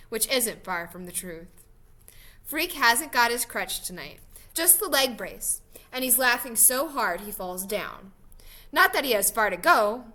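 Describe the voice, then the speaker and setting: Bright-voiced woman reading a novel aloud. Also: mid-range voice. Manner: expressive, lively storytelling. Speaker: reader.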